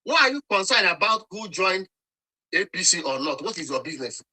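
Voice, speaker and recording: A man's voice: high voice, animated, a little fast, pushed and bright, rough recording. A man with a Nigerian accent arguing heatedly in an online live debate, scolding and repeating himself as he talks over interruptions. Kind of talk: heated argument.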